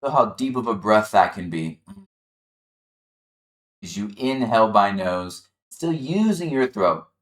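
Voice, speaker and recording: A man leading a chair yoga class, calmly guiding the listener through breathing and gentle movement. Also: on the low side, a little slow, pauses often, reverberant. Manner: calm, encouraging, guiding the breath step by step. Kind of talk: guided exercise instruction.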